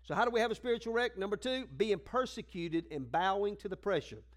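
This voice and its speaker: A man's voice: sits high, fast talker. A man pastor preaching a folksy, conversational sermon that climbs into fervent exhortation and acts out the voices of the people in his stories. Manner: acts out quoted voices in dialogue.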